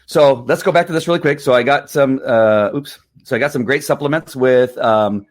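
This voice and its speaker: A middle-aged man hosting a casual livestream, slightly hoarse from a strained voice, rambling with repeated words and frequent laughs. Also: mid-range voice, normal speed. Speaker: livestream host.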